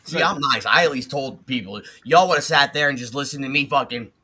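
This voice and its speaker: A man chats on a podcast in blunt, profane banter. His voice is bright and forward, at a middling pitch. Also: lively intonation, brisk, slightly rough. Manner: blunt, swears a lot. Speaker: podcast co-host.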